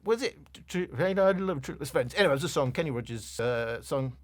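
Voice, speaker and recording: A man's voice: a little high, animated, fast talker. Chatty Cockney man reviewing gadgets. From England, London. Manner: chatty, digressive, blunt. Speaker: tech reviewer. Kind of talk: casual review talk.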